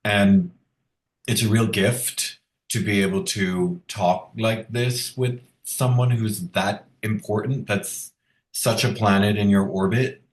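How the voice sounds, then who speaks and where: A man in his fifties from Long Island, an author speaking on a video call, earnest and reflective, pausing to find his words. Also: fairly low pitch, steady tone, echoey room. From Long Island, New York. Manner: thoughtful, earnest, halting with fillers. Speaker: author guest. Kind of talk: reflective conversational interview.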